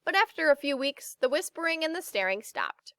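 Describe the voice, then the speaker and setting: A woman reading a children's book aloud, slow and expressive as she narrates. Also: high voice, no echo, clean studio sound.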